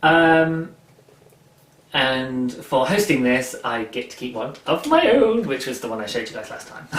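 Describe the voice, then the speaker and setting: A man's voice: fairly high pitch, sing-song, takes it slowly, a bit bright. A man hosting a knitting podcast, talking casually to camera in a chatty, rambling, self-mocking way. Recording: roomy echo, mic at a distance.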